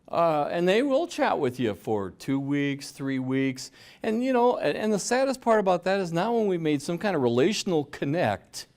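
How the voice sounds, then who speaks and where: Lively man giving a fraud-warning talk. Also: medium pitch. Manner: lively, conversational, acts out scammers' lines. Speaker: fraud prevention speaker. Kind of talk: presentation to an audience.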